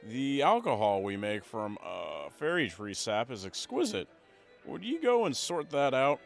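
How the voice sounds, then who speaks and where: A man's voice: medium pitch, sing-song, a little slow, gravelly, soft background music. A man reading aloud as a prim male fairy brewer in a video game.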